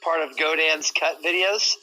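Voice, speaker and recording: A man chatting and teasing friends on a group live stream, quick and excitable. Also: on the high side, a little hiss or hum, low-quality recording. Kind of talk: casual chat on a group stream.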